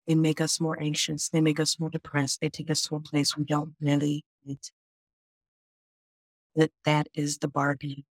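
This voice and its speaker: A woman's voice: sits low, completely flat delivery, moderate pace, husky, no room sound, clean studio sound. A woman doctor on a podcast explains grief in a conversational way. She often says "like" and voices people's inner questions.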